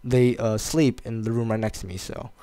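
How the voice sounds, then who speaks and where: Teen male vlogger, average pitch, hesitant and rambling, heavy on fillers. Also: steady tone, moderate pace, dark tone, dry recording. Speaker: video blogger. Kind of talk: casual rambling monologue.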